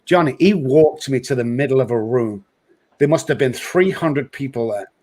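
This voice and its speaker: A man tells recovery stories in a lively, conversational way. He slips into the voices of the people he quotes and punctuates his lines with casual fillers. His voice sits at an ordinary middle pitch for a man. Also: normal speed. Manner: lively storyteller who acts out quoted voices. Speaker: host and recovery speaker.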